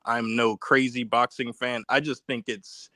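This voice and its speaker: A man's voice: mid-range voice, flat delivery, measured pace, sharp tone, dry recording. A man calling in to a stream, talking casually about boxing and often repeating and restarting his words. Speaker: caller. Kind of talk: casual call-in talk.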